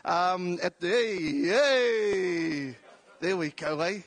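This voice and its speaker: A man's voice: sits high, very slow. A man with a South Auckland accent talking on stage as a comedian, jokey and self-deprecating. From New Zealand. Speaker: comedian and radio host. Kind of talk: stand-up style talk. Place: large indoor venue.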